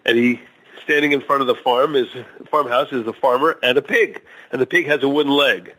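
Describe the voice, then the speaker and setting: A man speaking as a guest on a talk show. He talks casually and hesitantly, with fillers and restarts, at a middling pitch. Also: sharp tone, poor audio. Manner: hesitant, many fillers and restarts, tells jokes slowly. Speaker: guest author.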